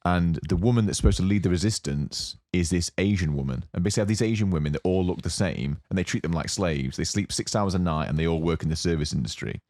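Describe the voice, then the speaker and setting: A young man with a low, deep voice chats casually as a podcast co-host. He rambles through his story with fillers and restarts, getting more animated as he goes. The sound is dry and close. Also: quick pace, few pauses, no echo. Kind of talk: casual chat.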